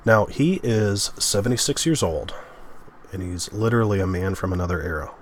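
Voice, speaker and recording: A man's voice: lowish voice, animated, normal speed, a little hiss or hum. A man giving political commentary in a vlog, sarcastic in tone and sighing between his points.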